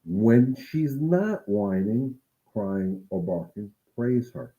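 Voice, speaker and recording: Speaking slowly in a low, mellow and expressive voice, this man who trains dogs takes viewers' questions on a livestream. His manner is casual, earnest and coaching, and the sound is lo-fi.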